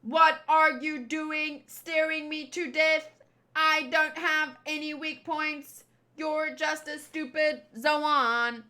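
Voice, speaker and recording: A woman's voice: high-pitched, level tone, takes it slowly, sharp tone, exaggerated voice. A woman voicing an arrogant male villain who taunts and scorns his opponent. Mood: taunting.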